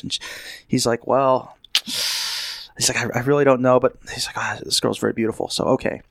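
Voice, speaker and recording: A man's voice: mid-range voice, fairly even intonation, brisk, vocal fry, fairly bright tone, no room sound. A man telling a long rambling anecdote in a casual chat, acting out what people said. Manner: rambling storyteller, acts out quotes. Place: Las Vegas.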